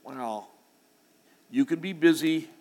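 A man preaching a sermon to his congregation, building to loud, emphatic declarations. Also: fairly high pitch, slow pace, long reverb tail. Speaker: pastor. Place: church sanctuary.

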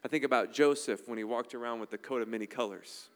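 A man's voice: mid-range voice, quick pace, clean tone, big-room sound. A man preaching a sermon in a conversational, emphatic style, checking in with the congregation often. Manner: emphatic, conversational preaching with frequent "all right?" asides. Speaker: pastor.

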